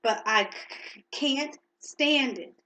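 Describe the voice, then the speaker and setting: A woman reading a sobbing soft-hearted giant. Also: sits high, slow, a little hiss or hum, pitched above the performer's own voice, exaggerated voice. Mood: tearful. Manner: sobbing, stammering.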